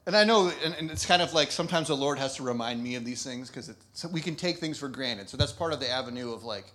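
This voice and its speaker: A man's voice: mid-range voice, lively intonation, fast talker, a bit bright. A man preaching a conversational sermon, laughing often and restarting thoughts as he goes. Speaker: pastor.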